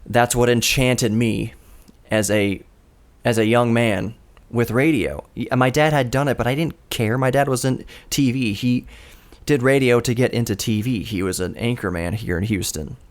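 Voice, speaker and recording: A man in his thirties hosts his own radio program from a studio microphone, sitting in the middle of the male pitch range. He talks earnestly in a storytelling way, with a dry habit of poking fun at himself. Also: normal speed. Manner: earnest, storytelling, lightly self-deprecating. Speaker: radio show host. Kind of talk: reflective solo radio monologue. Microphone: studio broadcast microphone.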